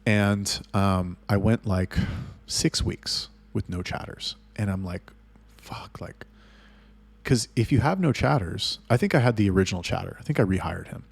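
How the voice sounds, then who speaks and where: A man with a fairly low, gravelly voice talks through a business story in an unscripted monologue. He is blunt and swears constantly, and his voice climbs and gets louder when he replays arguments. The sound is dry and close. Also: normal speed, no echo. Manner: blunt, heavily profane storytelling; rising loud and heated when retelling arguments. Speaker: agency owner telling business stories. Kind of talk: casual monologue.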